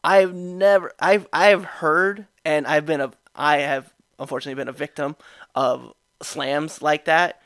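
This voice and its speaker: A man hosting a podcast, telling a story in a casual, animated way with frequent laughs and restarts. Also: a little high, unhurried, no echo, clean studio sound. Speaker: podcast host.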